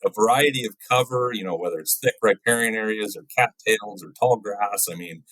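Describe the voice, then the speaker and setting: Deep, husky-voiced man talking easily. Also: a little fast, dry recording, low-quality recording. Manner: relaxed, often ends points with "right?". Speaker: guest, wildlife biologist. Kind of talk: casual interview chat.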